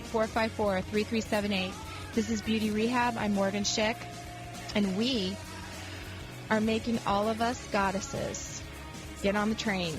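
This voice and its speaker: A woman's voice: mid-range voice, poor audio. An upbeat woman hosts a call-in radio advice show, giving an emphatic pep talk. Her voice sits in a middle range, and faint music plays underneath it.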